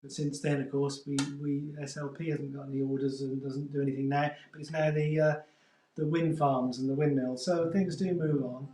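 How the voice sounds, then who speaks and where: A man from Lowestoft, a folk singer-songwriter, introducing his songs in a relaxed, hesitant way. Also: normal speed, far from the mic. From Lowestoft, England. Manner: relaxed, hesitant, many fillers. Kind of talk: casual chat introducing songs. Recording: roomy, from afar, guitar behind.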